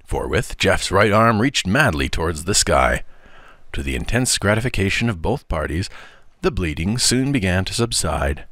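A man reads an audiobook story aloud with a lively, expressive delivery. His voice sits fairly low, and the recording is dry and close. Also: normal speed, dry recording. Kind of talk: audiobook narration.

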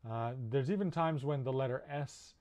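A man's voice: mid-range voice, normal speed, a little mellow. A man teaching in a recorded video lecture, explaining patiently with frequent "uh" fillers. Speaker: linguistics instructor.

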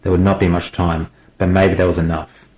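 Brief: male audiobook narrator, deep and steady, dramatic delivery, echoey room. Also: a little fast.

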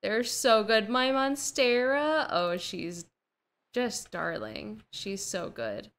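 A woman's voice: on the high side, animated, slow pace, fairly bright tone. Gushing young woman narrating her gameplay. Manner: gushing, easily delighted, gasping often; slang-heavy, talks to herself while playing. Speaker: gaming streamer. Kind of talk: casual gameplay commentary.

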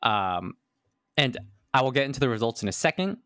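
A man's voice: medium pitch, lively intonation, a little fast, bright, forceful tone, clear, resonant tone, dry recording, studio quality. A man hosting a podcast, explaining a study in casual chat and repeating words as he thinks. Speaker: podcast host.

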